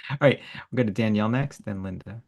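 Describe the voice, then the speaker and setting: A man's voice: on the low side, fast talker, creaky. A man hosting an online art workshop over a video call, giving enthusiastic, encouraging feedback. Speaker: workshop host.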